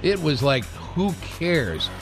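Animated male radio host. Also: slow, music in the background. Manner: animated storyteller, acts out quotes in high voices. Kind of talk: morning radio banter. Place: radio studio.

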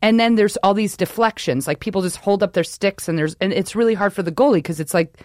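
A woman from New York co-hosting a podcast, chatting about sports in an excitable, rambling way that keeps breaking off mid-thought. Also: mid-range voice, quick pace, no room sound, clean studio sound. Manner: rambling, excitable, self-interrupting. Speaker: podcast co-host. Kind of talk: casual sports chat.

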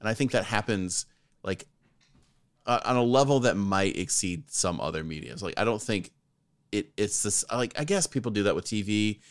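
A man's voice: lowish voice, lively intonation, normal speed, clean tone. A man co-hosting a podcast in casual chat, playful and joking. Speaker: podcast co-host.

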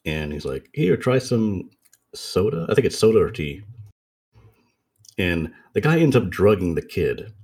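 A man casually retelling a story to friends in a relaxed, rambling way with lots of filler words. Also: low voice, normal speed, long pauses, husky.

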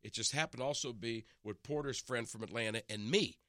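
A man's voice: medium pitch, fairly quick, no echo. A man, an in-studio radio guest, telling stories in casual chat, with lots of restarts and acted-out quotes. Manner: animated, acts out quotes, many restarts. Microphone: studio microphone.

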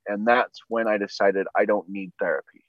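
A man's voice: on the low side, fairly even intonation, normal speed, dry recording. Dry-witted podcast guy, slightly dull sound. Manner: dry, wry remarks, laid-back. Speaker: podcast co-host. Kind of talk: casual chat.

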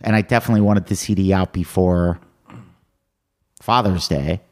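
A middle-aged male comedian telling animated stories in casual chat, acting out what people said. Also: deep voice, normal speed. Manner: animated anecdotes with quoted voices. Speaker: comedian guest.

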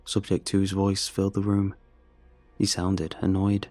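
A man reading a first-person horror story in a measured, steady way. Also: low voice, no room sound, faint music behind.

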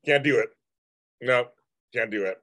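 A man's voice: medium pitch, unhurried, a bit bright, dry recording. A man in his fifties hosting a live stream, chatting casually and rambling as he answers comments from viewers. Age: 50s.

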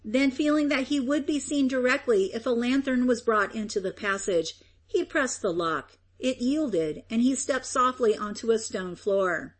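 A woman reading a story aloud as narrator, in a measured, expressive way. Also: on the high side. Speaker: audiobook narrator. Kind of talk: scripted narration.

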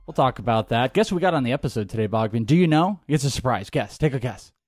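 A man's voice: medium pitch, lively intonation, fast talker, a little mellow. A man hosting a sports podcast, upbeat and joking in casual chat. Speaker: podcast host.

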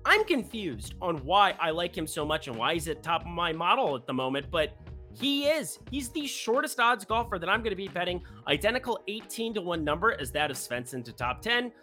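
An upbeat, jokey sports betting host running through golf picks in a casual way. The voice is bright and swings widely in pitch, often lifting phrases into a question-like rise. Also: very animated, brisk, soft background music.

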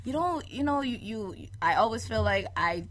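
High bright-voiced woman co-host. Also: animated, normal speed. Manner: earnest, laughs often, trails off softly. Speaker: podcast co-host. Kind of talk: casual chat among friends.

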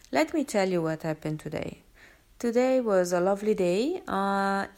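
Woman vlogger, casual and expressive storyteller, lots of fillers and restarts. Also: lowish voice. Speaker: vlogger sharing a daily quote. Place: home area in London.

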